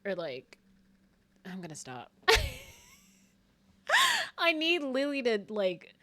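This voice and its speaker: A woman's voice: medium pitch, huge pitch swings, slow pace, bright, forceful tone. A young woman streaming a game, chatting casually, laughing often and swearing freely.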